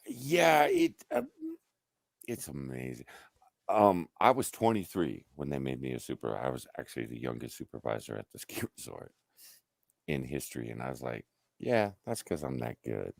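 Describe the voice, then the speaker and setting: A man's voice: extremely low pitch, moderate pace, creaky, no echo, studio quality. A middle-aged man casually telling work stories on a livestream, swearing freely and acting out what people said. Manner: profane, animated storyteller acting out quotes. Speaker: livestream host. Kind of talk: casual storytelling chat.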